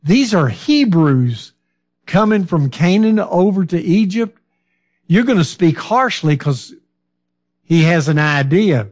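A man preaching a Bible-study sermon, talking slowly and conversationally, asking his listeners questions and now and then losing his train of thought. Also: sits high, lively intonation. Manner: fillers and restarts, loses his train of thought.

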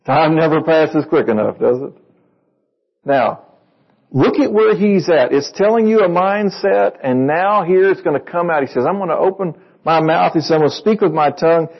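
A man's voice: a little high, expressive, moderate pace, creaky, lo-fi sound. A man preaching a sermon to a congregation in a conversational way, reading verses and asking them questions. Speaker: pastor.

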